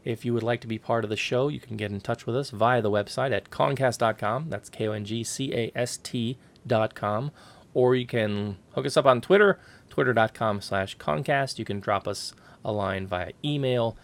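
A man hosting a film podcast, wrapping up the show like an announcer and teasing his co-host. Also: mid-range voice. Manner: jokey, teasing, brisk announcer-like wrap-up. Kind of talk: podcast sign-off and casual chat.

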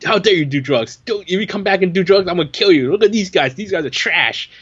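Man putting on a high, indignant, preachy cop; dull recording. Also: animated, quick pace, husky, full character voice. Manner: shouting, indignant. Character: outraged male cop scolding kids, preachy.

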